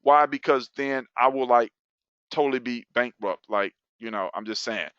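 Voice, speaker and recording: A man hosting a webinar and giving an excited sales pitch, whooping and laughing between offers. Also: moderate pace, smooth, no echo. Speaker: webinar host. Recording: dull lo-fi dry sound.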